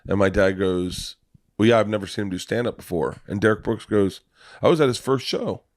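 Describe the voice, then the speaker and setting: A man's voice: lowish voice, fairly quick, no room sound, studio quality. A man, a comedian guest, telling a story in casual, profane talk. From Florida.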